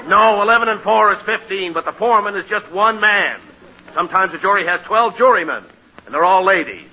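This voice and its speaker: An actor playing a stern, pompous judge in 1940s radio comedy, scolding the defendant. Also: male voice, high-pitched, animated, a little fast, bright, forceful tone, heavily acted. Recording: dull hissy 1940s radio broadcast.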